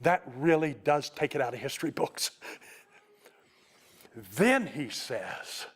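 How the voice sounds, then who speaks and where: A man preaching a storytelling sermon, giving an emotional testimony that slows to a hush at its tender points. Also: medium pitch, expressive. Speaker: Baptist preacher.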